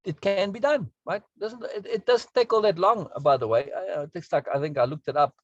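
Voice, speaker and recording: A man's voice: high voice, a little fast, dry recording, muffled recording. A man teaching a self-help course, explaining in an earnest, emphatic way and often checking in with the listener. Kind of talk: spoken lesson on self-talk.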